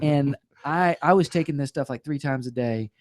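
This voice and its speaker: A man's voice: on the high side, normal speed, darkish tone, dry recording. A man guest on a talk show, telling a personal story with humor and playful acted-out quotes.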